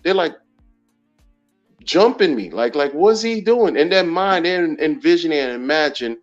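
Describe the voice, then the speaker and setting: A man's voice: on the high side, moderate pace. Man, casual livestream chat, repetitive slang, faint background music. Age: adult. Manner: animated, slangy, repeats phrases. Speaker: crypto livestream host. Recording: dull lo-fi audio with faint music.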